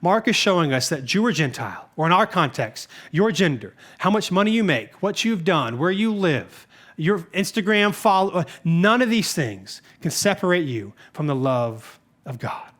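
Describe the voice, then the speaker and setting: A male pastor preaching a sermon, reading scripture emphatically and letting his voice drop softly at the ends of phrases. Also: high voice, big pitch swings, normal speed.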